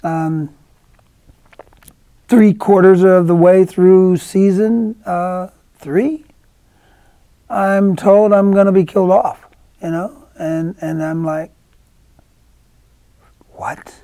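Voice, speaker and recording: A middle-aged man with a gravelly, fry-laden voice and a dark, mellow tone tells stories in a casual interview. He rambles and restarts often, slipping into quoted voices. The sound is dry and close. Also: high-pitched, steady tone, slow, long pauses, no echo. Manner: rambling storyteller, many restarts, acts out quotes. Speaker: actor guest. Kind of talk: casual anecdotal interview talk.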